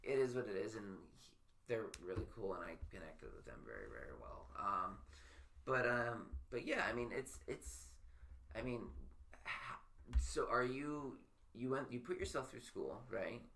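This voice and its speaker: A man hosting a podcast in casual chat, rambling and stammering, quick to poke fun at himself. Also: mid-range voice, sing-song, vocal fry, a bit bright. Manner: rambling, stammering, self-deprecating. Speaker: podcast host.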